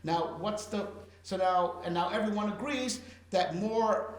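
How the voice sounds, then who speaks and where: High-voiced rabbi teaching in an echoey room. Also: male voice, a little slow, a crowd in the background. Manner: animated, explains with rhetorical questions and fillers. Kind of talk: Torah class lecture.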